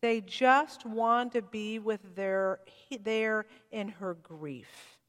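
A woman pastor preaching a sermon in a church, heartfelt and reflective, leaning into some phrases and letting others fall quiet. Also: mid-range voice, fairly even intonation, extremely slow, long reverb tail.

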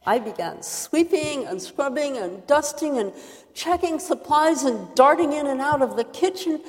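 Brief: a woman as Martha, a harried, indignant hostess, slow and measured, slightly high voice, echoing hall. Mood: hurried. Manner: earnest, expressive storytelling with quoted outbursts. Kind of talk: dramatic first-person monologue. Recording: reverberant hall.

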